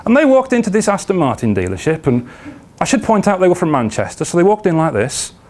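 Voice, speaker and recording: His high-pitched voice is a little mellow, very animated and quick as he delivers a storytelling presentation full of self-deprecation. He's from South Wales, speaks with that region's accent, and is addressing a business networking meeting.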